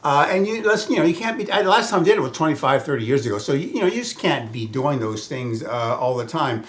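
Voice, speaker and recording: A man from Southern California rambling through a personal story, stumbling over restarts and fillers. He chuckles often and drops into hushed, whispered asides. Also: medium pitch, lively intonation, fast.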